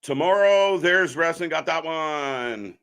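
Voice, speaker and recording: A man co-hosting a live wrestling stream, chatting casually and reacting loudly to the action. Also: on the high side, animated, slow, gravelly, clear, resonant tone.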